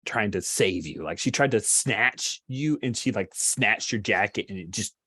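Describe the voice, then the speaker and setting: Excitable man running a tabletop game. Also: lowish voice, moderate pace, husky, dry recording, studio quality. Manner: enthusiastic, chatty. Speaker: game master.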